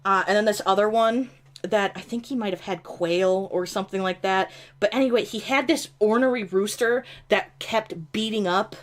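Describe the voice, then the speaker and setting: A woman's voice: mid-range voice, normal speed. A woman with an upstate New York accent, chatting casually and ramblingly on a gaming stream. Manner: rambling, full of "like", laughs easily. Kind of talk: casual chat while gaming.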